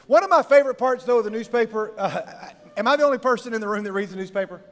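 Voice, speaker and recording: Man, high-pitched, middle-aged, youth pastor, joking storyteller, long hall reverb. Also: racing, fairly bright tone. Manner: jokey, rambling storyteller who laughs often. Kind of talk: humorous talk to a live youth audience.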